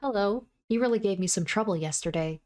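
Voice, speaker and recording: A woman's voice: medium pitch, fairly quick, darkish tone, pitched above the performer's own voice, lightly acted. A woman voicing a cheerful, teasing young woman in white, lifting her voice into a light, playful and pleased tone as she reads a visual novel aloud.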